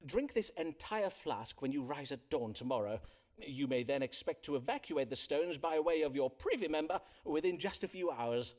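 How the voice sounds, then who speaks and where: An actor playing a courteous doctor and astrologer of old London in a video game, speaking in archaic polite phrases. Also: male voice, a little high, expressive, normal speed, a little mellow, lightly acted. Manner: archaic polite speech, forsooth and pray.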